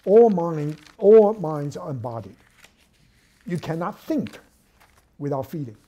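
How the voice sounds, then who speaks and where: A man's voice: a little high, animated, slow, warm tone. Man giving a lecture. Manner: thoughtful, hesitant with frequent fillers and restarts. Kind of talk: academic lecture.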